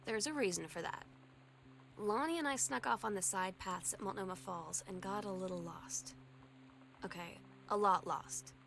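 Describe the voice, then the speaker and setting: A woman's voice: mid-range voice, moderate pace, vocal fry, fairly bright tone. An actress voicing a teenage girl who narrates diary entries to her younger sister in a confiding, wistful way, heard as game audio. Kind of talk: voiced game journal narration. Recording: game audio with music underneath.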